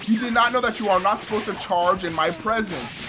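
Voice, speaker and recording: A young man giving loud, trash-talking commentary over his own online matches, shouting at opponents and explaining his character build. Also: sits high, a little fast, music in the background. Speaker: gaming YouTuber. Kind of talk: hyped gameplay commentary.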